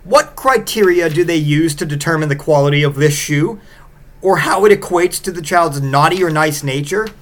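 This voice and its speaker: A male comedy podcast host in a rambling, sarcastic monologue full of swearing. His voice sits a touch higher than most men's. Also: normal speed.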